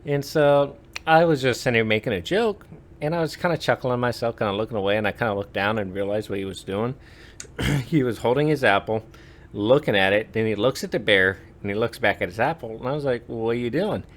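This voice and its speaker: A man's voice: medium pitch, a little fast. A man in his twenties telling stories on a podcast in a casual, rambling way, full of "like" and "uh". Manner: rambling, lots of "like" and "uh" fillers. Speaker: podcast storyteller. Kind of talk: casual chat.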